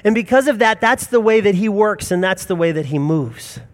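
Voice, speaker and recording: A man's voice: high-pitched, expressive, normal speed. A man in his forties preaching a sermon in an earnest, emphatic storytelling manner. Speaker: pastor.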